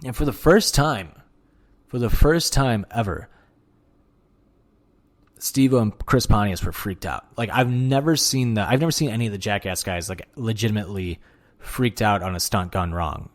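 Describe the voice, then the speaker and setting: A man hosting a podcast alone, talking casually and excitedly, with lots of swearing and filler words. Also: lowish voice, normal speed. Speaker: podcast host. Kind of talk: casual solo podcast monologue.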